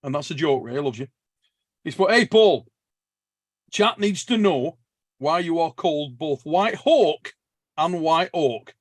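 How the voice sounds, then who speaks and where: A man's voice: fairly high pitch, animated, unhurried, long pauses, dry recording, studio quality. An English man hosting a casual armwrestling chat show, reading out super chats, joking and calling people mate. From England. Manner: jokey, laughing, calls people mate.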